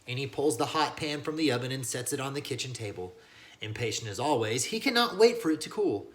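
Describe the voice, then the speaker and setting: A man teaching as he reads a children's novel aloud, with lively asides that speak to young listeners. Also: mid-range voice, fairly quick. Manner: animated, addresses listeners as kiddos. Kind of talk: read-aloud storybook narration with lesson asides.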